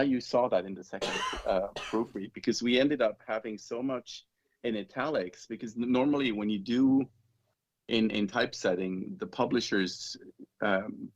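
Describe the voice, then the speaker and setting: A man with a fairly low voice, talking as an author guest on a podcast. He rambles through long explanations, with little laughs along the way. The audio comes through dull and lo-fi. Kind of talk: casual interview chat.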